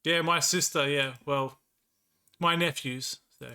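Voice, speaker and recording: A man's voice: a little high, steady tone, slow pace, sharp tone, smooth. A young Australian man with a Victorian accent chatting casually with viewers on a live stream, laughing often and sounding bemused. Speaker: livestreamer.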